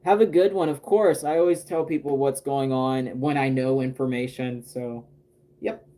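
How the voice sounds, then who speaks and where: A man's voice: medium pitch, steady tone, normal speed, warm tone. A man chatting casually on a livestream while he paints a doll, rambling with lots of fillers and restarts.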